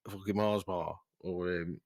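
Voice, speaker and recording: Man, very low voice, casual sweary storytelling, laughs a lot. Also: steady tone, normal speed, gravelly, a little mellow. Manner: rambling, sweary, laughs often. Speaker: podcast host.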